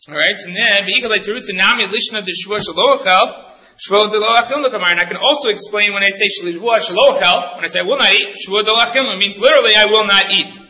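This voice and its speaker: A man's voice: high voice, quick pace. A man giving a Talmud study lesson, working through the text step by step and checking in with frequent rhetorical asides. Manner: explains each term step by step, with frequent "right?" asides. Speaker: Talmud teacher. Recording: echoey room, dull lo-fi sound.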